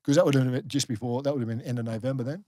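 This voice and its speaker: A man's voice: mid-range voice, racing, dry recording, studio quality. A middle-aged Australian man, a former rugby league player, telling stories in a casual podcast interview, full of fillers and restarts. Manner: animated storyteller, many fillers and restarts.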